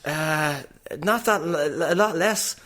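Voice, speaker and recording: A middle-aged man with a Dublin Irish accent, chatting as a comedian guest on a podcast in a quick, clipped, animated storytelling way. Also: a little high. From Ireland. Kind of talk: casual podcast chat.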